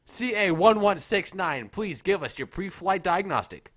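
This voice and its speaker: A man's voice: high-pitched, expressive, unhurried, fairly bright tone, exaggerated voice. A man playing an insistent air traffic controller who repeats formal radio call signs in an improvised comedy bit. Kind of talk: improvised comedy role-play over radio chatter.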